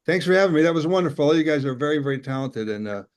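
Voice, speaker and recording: A man's voice: fairly high pitch, racing. Older Chicago man doing stand-up. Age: 60s. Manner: rambling deadpan jokes, puts on character voices. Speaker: stand-up comedian. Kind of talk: stand-up set.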